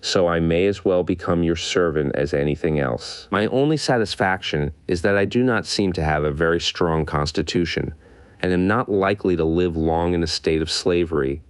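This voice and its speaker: A man's voice: moderate pace, clean tone, dry recording, close to an everyday voice. A man doing a gloomy flying Gump creature. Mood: resigned. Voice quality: squeaky. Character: gloomy talkative flying Gump creature with a mounted elk's head.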